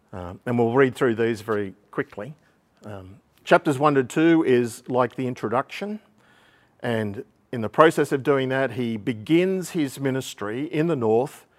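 A man preaching a sermon, explaining a Bible book in a calm, teaching manner with occasional ums and throat clearing. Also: medium pitch.

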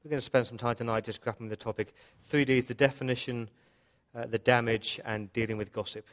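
An earnest male pastor preaches in church at a medium pitch, hammering his points home through repetition. His delivery is direct and conversational. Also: fairly even intonation, fast. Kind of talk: sermon.

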